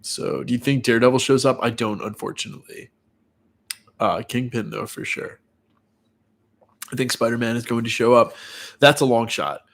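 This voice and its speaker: A man's voice: mid-range voice, fairly even intonation, normal speed, long pauses. A man hosting a casual livestream, congested and stuffy from a cold, chatting with viewers and greeting them by name between frequent fillers. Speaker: livestream host. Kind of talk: casual live-chat commentary.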